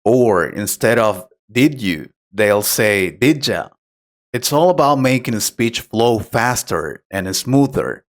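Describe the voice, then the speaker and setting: A man acting as an English teacher who explains pronunciation tips patiently and clearly in a scripted conversation lesson. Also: fairly low pitch, expressive, takes it slowly, few pauses.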